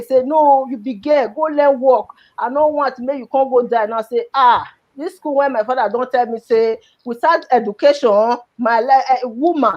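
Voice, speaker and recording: High-voiced woman speaking Nigerian Pidgin. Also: darkish tone, lo-fi sound. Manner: emotional, repetitive Pidgin storytelling. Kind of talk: personal storytelling.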